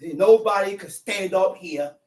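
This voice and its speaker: High-voiced impassioned man preaching, echoey. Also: normal speed. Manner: impassioned, shouting and near tears at times. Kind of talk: sermon. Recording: echoey room from far off.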